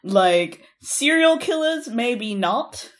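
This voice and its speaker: A woman co-hosting a podcast in casual chat, animated and full of "like" fillers. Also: a little high, drawn-out words. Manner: animated, frequent "like" fillers, laughs often. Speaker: podcast co-host.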